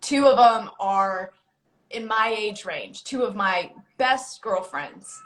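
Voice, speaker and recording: Woman host, bright and earnest, casual live chat in a roomy space. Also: medium pitch, slow pace. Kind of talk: casual conversation on a live stream.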